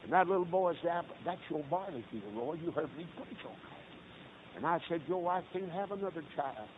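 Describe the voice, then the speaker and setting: Male preacher, folksy storyteller with impassioned outbursts, thin phone-like sound, slightly raised pitch. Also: expressive, normal speed. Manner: folksy storytelling, rising to impassioned cries when quoting. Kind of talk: sermon illustration storytelling. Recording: tinny lo-fi line with faint hiss.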